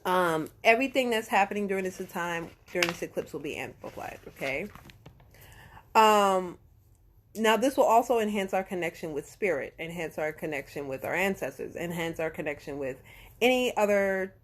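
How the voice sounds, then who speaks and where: A woman's voice: lowish voice, lively intonation, moderate pace. Chatty woman tarot reader, casual. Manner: chatty, checks in with "okay?" and "right?"; slangy, swears, corrects herself. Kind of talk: casual astrology talk on a live stream.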